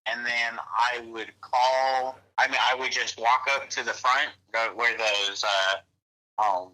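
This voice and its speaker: A man on a phone call who answers haltingly, with many restarts, and sounds apologetic. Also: mid-range voice, fairly even intonation, sharp tone. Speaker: prank call target. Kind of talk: phone conversation.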